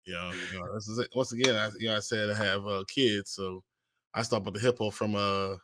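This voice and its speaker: A man co-hosting a podcast, chatting casually about a TV episode, often pausing to search for words. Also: on the low side, steady tone, sharp tone, no room sound, studio quality. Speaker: podcast co-host. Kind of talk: casual recap chat.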